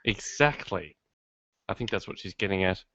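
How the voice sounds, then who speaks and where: Low-voiced man hosting a casual podcast. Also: animated, moderate pace, vocal fry, pushed and bright, dry recording. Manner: rambling, self-deprecating humour. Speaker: podcast host. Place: home studio in his garage. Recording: dull lo-fi dry sound.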